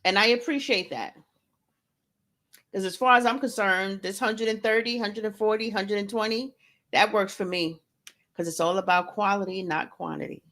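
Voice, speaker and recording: A woman's voice: medium pitch, steady tone, moderate pace, fairly bright tone. A woman hosting a casual livestream from home, chatting with viewers, greeting them by name and joking around. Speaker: livestream host and author. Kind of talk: casual live-stream chat.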